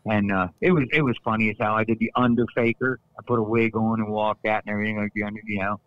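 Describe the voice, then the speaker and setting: A man, a former wrestler, telling stories on a podcast in a casual, animated way, acting out quotes. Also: fast, dry recording, muffled recording. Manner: animated, acts out quotes with raised pitch. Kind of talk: casual storytelling.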